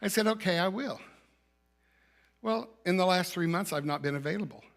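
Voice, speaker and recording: Bright-voiced man preaching a conversational sermon. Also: high voice, normal speed, gravelly. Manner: conversational storytelling, rhetorical questions, occasional laughs. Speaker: minister. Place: church sanctuary.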